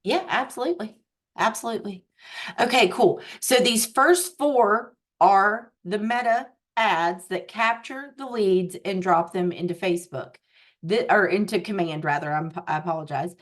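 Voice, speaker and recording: Her voice sits in the mid range as this woman tech coach conducts a live online training over video. She explains at a relaxed pace and keeps checking in on those listening.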